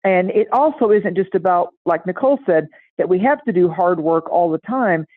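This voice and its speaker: A middle-aged woman chatting casually and telling a lively story, acting out the voices of the people in it. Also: fairly low pitch, moderate pace, no echo. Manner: animated, acts out voices in anecdotes. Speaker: astrology guest. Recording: tinny phone-like line, dry.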